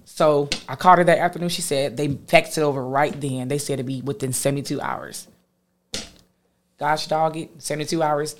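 A woman, a guest telling a personal story in an animated way, acting out what others said. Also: deep voice, normal speed. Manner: animated, quotes others with lively voices.

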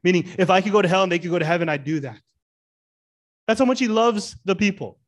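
Middle-aged male pastor, sermon delivery, lively and questioning, voice a bit higher than most men. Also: quick pace. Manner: lively, asks the church questions, stresses words.

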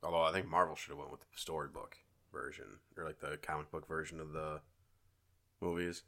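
A man's voice: very deep voice, level tone, brisk, fairly bright tone. A man co-hosting a podcast, talking in a rambling, casual way and swearing freely. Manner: rambling, profane, mimics his friend. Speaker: podcast co-host. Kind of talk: casual chat.

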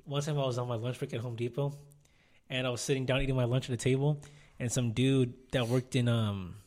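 A man with a mid-range voice telling anecdotes on a casual podcast. He rambles through his stories, full of "like" and quoted lines. He sounds relaxed and conversational. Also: medium pitch, a little fast. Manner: rambling anecdotes, filler-heavy, quotes people. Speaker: podcast co-host. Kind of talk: casual storytelling.

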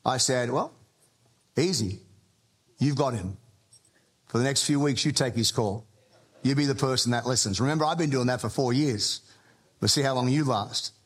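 A man, a pastor, preaching a sermon in a relaxed, humorous, conversational storytelling style. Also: medium pitch, normal speed, pauses often, breathy edge. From Australia.

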